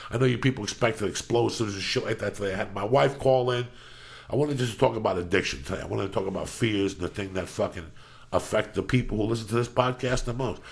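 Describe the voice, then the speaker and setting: A middle-aged man hosts a podcast in a gravelly, husky voice, a little stuffed up in the nose. He rambles loudly and swears constantly, working himself into a pep talk. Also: on the low side, fast. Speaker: podcast host. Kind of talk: profane casual podcast rant.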